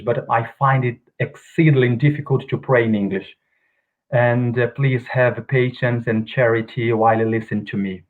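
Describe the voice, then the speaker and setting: A man of medium pitch whose first language is Portuguese gives a spiritual talk as a guest speaker on a video call. He's hesitant, with many ums and non-native grammar, and the call audio sounds tinny and phone-like.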